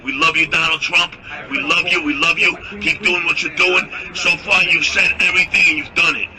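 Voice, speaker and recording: A man talking in an excited, hyped-up way, shouting his support. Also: fairly high pitch, normal speed, very noisy. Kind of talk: hyped promotional talk.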